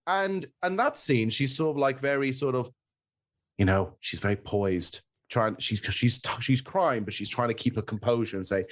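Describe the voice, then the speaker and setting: A man's voice: medium pitch, moderate pace. A man co-hosting a podcast, chatting casually about a film, acting out quotes with plenty of fillers. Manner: animated, acts out quotes, many fillers. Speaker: podcast co-host. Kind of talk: casual film review chat.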